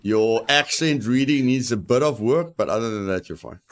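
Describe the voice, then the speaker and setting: British male streamer, casual live commentary, mid-pitched, repeats himself while he plays. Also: animated, normal speed. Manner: repeats phrases to himself, chatty with chat. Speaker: game streamer.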